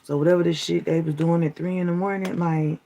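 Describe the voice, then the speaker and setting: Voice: mid-range voice, little pitch movement, quick pace, mellow, a little hiss or hum. A content creator delivering a defiant, taunting spiritual warning straight to the viewer, repeating "you feel me?" as they go. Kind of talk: direct-to-camera warning rant.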